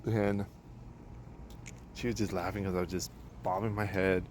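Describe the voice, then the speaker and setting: A man's voice: low-pitched, level tone, normal speed, darkish tone, a little hiss or hum. A man casually telling a long personal story outdoors while barbecuing, rambling and correcting himself, with the odd curse word.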